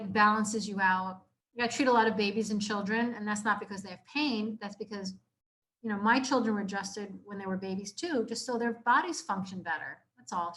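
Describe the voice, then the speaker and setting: A young adult woman chiropractor giving an informal health talk to a live audience, casual and earnest, repeating herself and filling pauses with "like" and "you know.". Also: medium pitch, fairly bright tone. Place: community room, live audience.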